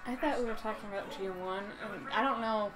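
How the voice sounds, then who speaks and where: A woman's voice: medium pitch, a little fast, over music, low-quality recording. A woman chatting and joking curiously with friends during a gaming session. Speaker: let's play co-host. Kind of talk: casual gaming chat.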